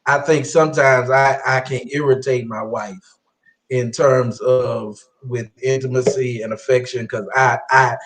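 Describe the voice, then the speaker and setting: A man's voice: mid-range voice, fairly bright tone. A man hosting a talk show, speaking candidly and casually about his marriage. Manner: candid, conversational, folksy. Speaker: host. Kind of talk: casual chat.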